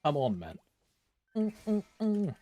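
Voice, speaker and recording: A man's voice: high-pitched, wildly swooping pitch, extremely slow, dark tone, no room sound. Rambling young man streaming games. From Britain. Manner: rambling, lots of "like", hums to himself. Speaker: game streamer. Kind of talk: casual live-stream chat.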